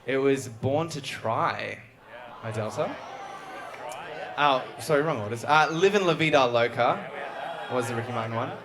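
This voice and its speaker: A man hosting a live music trivia show, reading questions briskly and joking with the guests. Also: medium pitch, animated. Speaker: quiz show host. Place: live venue before an audience. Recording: live show with crowd audible. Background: audience crowd.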